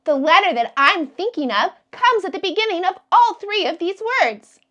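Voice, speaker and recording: High, lively teacher woman for little kids. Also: muffled recording. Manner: slow, sound-stretching, encouraging teacher talk. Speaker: kindergarten teacher. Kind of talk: children's phonics lesson.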